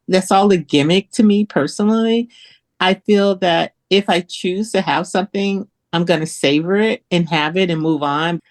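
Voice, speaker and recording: Earnest reflective woman in her late fifties. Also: low-pitched. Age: late 50s. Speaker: podcast panelist. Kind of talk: casual chat.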